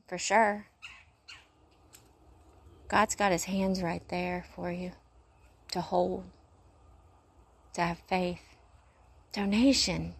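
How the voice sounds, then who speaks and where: A woman's voice: medium pitch, creaky, slightly rough. A woman who works in urgent care, talking in a casual faith-based monologue, earnest and rambling with a preachy streak, pacing as she talks. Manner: paces while talking.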